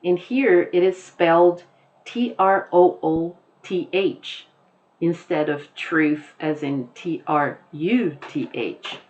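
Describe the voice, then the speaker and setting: A woman teacher talks her class through a poem at an unhurried pace, restating points and spelling words out. Her voice sits a little low. The recording sounds slightly dull and muffled. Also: a little mellow. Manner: slow, explanatory, repeats and rephrases.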